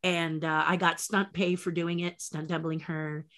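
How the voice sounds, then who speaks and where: An older woman spins behind-the-scenes stories with lively energy, leaping up in pitch whenever she acts out a voice. Her tone is bright and forceful. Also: measured pace. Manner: lively storyteller who acts out voices with big jumps in pitch. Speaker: interview guest, former set designer and puppeteer. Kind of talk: animated anecdote telling.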